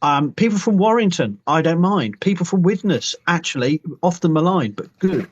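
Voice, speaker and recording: A man with a fairly high voice teases his co-host in mock confession and stumbles over repeated starts. The sound is dull and lo-fi, like a live stream. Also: animated, moderate pace. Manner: teasing, mock-confessional, stammering restarts. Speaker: archaeology professor and host. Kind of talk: playful chat.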